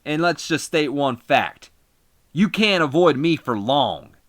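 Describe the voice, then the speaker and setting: Guy doing a cocky wrestler yelling a promo, higher and loud, dry sound. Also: animated, takes it slowly, no echo. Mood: defiant. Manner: loud taunting ring promo. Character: brash cocky male wrestler ranting in the ring.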